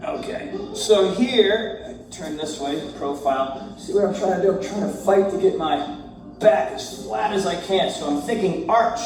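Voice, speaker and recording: A man guiding a yoga warm-up, cueing breaths and poses in a relaxed, joking way as he moves. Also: high-pitched. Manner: relaxed, joking, talks while moving through poses. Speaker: yoga instructor. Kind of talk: guided yoga class. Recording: very echoey room, distant mic, faint music.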